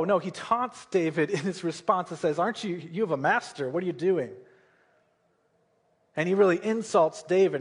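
A man's voice: high voice, darkish tone, slightly rough. A man preaching a sermon, retelling a Bible story in a casual way and often checking in with "right?" and "okay?".

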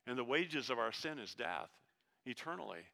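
Bright-voiced conversational male preacher. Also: medium pitch, normal speed, creaky. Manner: conversational and animated, joking, then hushed and earnest. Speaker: pastor. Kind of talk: sermon.

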